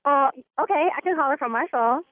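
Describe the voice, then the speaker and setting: A woman on a phone call, gushing and excitable. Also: high-pitched, a little fast, dry recording. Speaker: caller, wife. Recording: tinny phone line.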